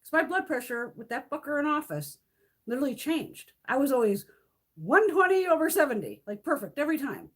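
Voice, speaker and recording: A woman's voice: high-pitched, very animated, a little fast. A middle-aged woman vlogger ranting bluntly in a casual livestream, swearing freely and laughing often. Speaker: beauty vlogger.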